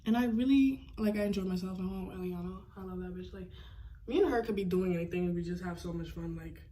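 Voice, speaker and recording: A woman's voice: on the low side, fast talker, mellow, a little hiss or hum. A young adult woman chatting casually through a makeup tutorial, rambling in slangy talk full of "like". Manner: slangy, rambling, fills with "like" constantly. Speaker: beauty vlogger.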